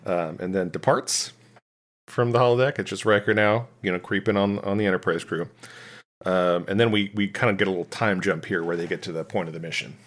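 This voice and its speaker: Low-voiced man recapping an episode. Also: steady tone, brisk, a bit bright. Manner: rambling recap with many ums and restarts. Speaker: podcast co-host. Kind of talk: casual chat recapping an episode.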